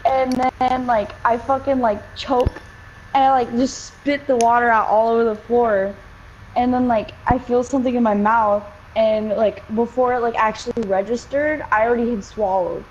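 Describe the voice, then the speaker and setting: In dull lo-fi game-capture audio with a little hiss or hum, a young woman casually rambles through a story, swearing plenty and using many "likes" and fillers. Her voice is on the high side, with fairly even intonation and normal speed.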